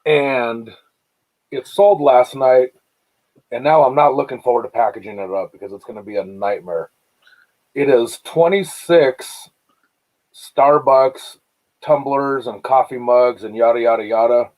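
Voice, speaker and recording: A man hosting a casual podcast chat, telling stories in an animated way and laughing often. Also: mid-range voice, measured pace, poor audio. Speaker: podcast host.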